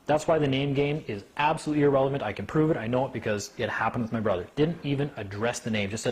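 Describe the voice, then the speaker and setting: A man giving an informal talk to a small group, animated, acting out the people he quotes and often asking "right?". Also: mid-range voice, quick pace. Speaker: speaker at a meeting.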